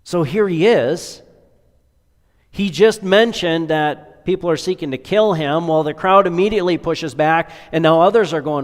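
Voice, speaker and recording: Pastor preaching in a reverberant hall. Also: male voice, a little high, normal speed. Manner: rhetorical questions, rising to emphatic peaks then dropping to near-whispers. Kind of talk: sermon.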